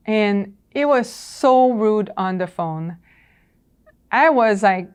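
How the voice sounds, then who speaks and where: A woman's voice: medium pitch, lively intonation, takes it slowly, clean tone. A woman presenting a professional training talk. She speaks conversationally with fillers and acts out dialogue from her stories.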